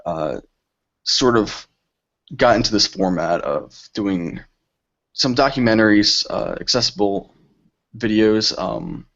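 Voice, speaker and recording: A young man with a fairly low voice answers interview questions in a relaxed, reflective way. His speech comes through dull, muffled audio from an online call. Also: slow, long pauses. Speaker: filmmaker guest.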